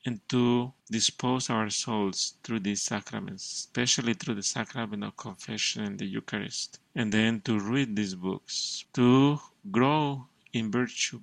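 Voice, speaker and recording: A priest preaching a sermon, earnestly reading a devotional text aloud and explaining it in repeated, listing phrases. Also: male voice, lowish voice, gravelly, a bit bright, no echo.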